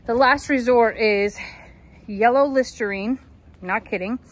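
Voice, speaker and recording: A woman's voice: on the high side, unhurried. A woman caring for farm animals, chatting casually for a vlog and talking sweetly to the animals outdoors.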